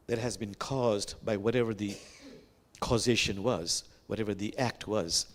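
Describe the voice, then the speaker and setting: Male imam, reflective sermon, slows down for sacred quotes, pitch rises and falls a lot, sanctuary service. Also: expressive. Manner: reflective, quotes sacred verses slowly and with emphasis; gentle, addresses the congregation directly.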